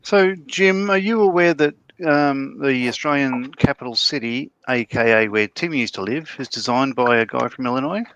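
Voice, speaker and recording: A man's voice: medium pitch, moderate pace, few pauses, fairly bright tone, dull audio, a little hiss or hum. A man in a casual panel chat, sharing facts with some hesitation.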